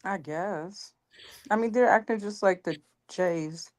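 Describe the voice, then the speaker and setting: A woman chatting casually, giving brief, flat replies. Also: medium pitch, slow pace. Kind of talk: casual chat.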